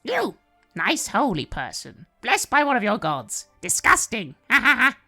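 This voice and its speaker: A game master voicing a spindly little demon imp who cackles and taunts in a shrill, mocking voice. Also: wildly swooping pitch, a little slow, creaky, sharp tone, faint music behind, heavily acted. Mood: gleeful taunting.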